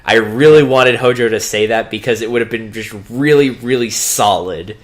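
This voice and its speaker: A man's voice: medium pitch, normal speed. Chatty man recapping episodes. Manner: chatty, offhand, acts out quoted dialogue. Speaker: podcast co-host. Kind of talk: casual recap chat.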